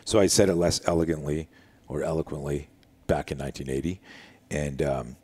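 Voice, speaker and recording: Brisk and husky, with an extremely low pitch, a middle-aged man chats casually in a living room. He's a self-defense instructor and an animated storyteller who voices the people in his tale as he quotes them.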